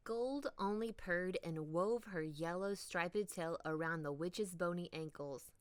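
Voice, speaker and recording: A woman reading a children's storybook aloud, expressive and dipping into whispers for drama. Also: lowish voice, measured pace, no echo.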